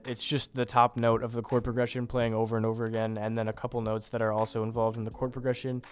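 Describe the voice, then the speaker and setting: A man's voice: mid-range voice, little pitch movement, fast. A young man hosting a music production tutorial, talking casually and loosely with plenty of fillers. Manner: laid-back, loose, with frequent fillers like "you know, like".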